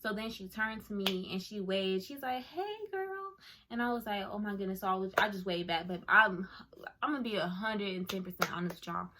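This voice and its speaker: A young YouTuber tells a casual story to camera, gushing and excitable, packing her speech with "like" and "oh my goodness." Her voice is medium-pitched and fairly quick, with a slight hiss or hum in the recording.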